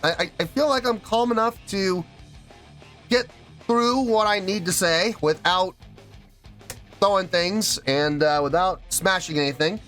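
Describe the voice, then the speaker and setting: A man hosting a music reaction video, talking in a lively, mock-outraged way with drawn-out emphasis. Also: sits high. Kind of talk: casual reaction vlog.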